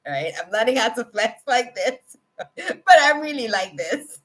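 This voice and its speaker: A woman's voice: medium pitch, lively intonation, measured pace, a bit bright. A woman hosting a live tarot reading stream, chatting casually with viewers in an effusive, emotional, rambling way full of fillers. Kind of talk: casual livestream chat.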